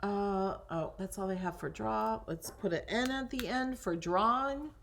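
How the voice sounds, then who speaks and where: A woman's voice: medium pitch, measured pace, vocal fry, a little hiss or hum. A woman hosting a casual crafting tutorial, chatting and thinking aloud as she browses designs, sometimes dropping to a whisper over things she likes.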